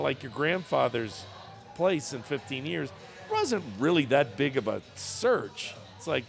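A man's voice: medium pitch, sing-song, a little slow, gravelly, soft background music. A man co-hosting a casual chat, reading a news story aloud in a jokey way and laughing often. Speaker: podcast co-host.

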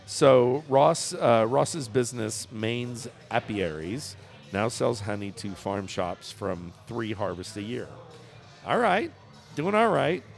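A man's voice: medium pitch, expressive, slow pace, gravelly, soft background music. A man co-hosting a casual chat, reading a news story aloud in a jokey way and laughing often. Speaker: podcast co-host.

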